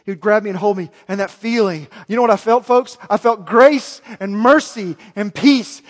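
A man preaching a sermon as pastor, moving from quiet storytelling to yelling with passion. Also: very high voice, moderate pace, few pauses. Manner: swings from soft to yelling. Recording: long hall reverb.

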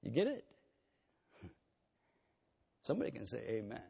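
A man preaching a sermon to his congregation, swinging between loud emphatic points and hushed intimate asides. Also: medium pitch, wildly swooping pitch, moderate pace, heavy background noise. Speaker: pastor. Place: church sanctuary. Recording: breathy voice in a long-reverb hall.

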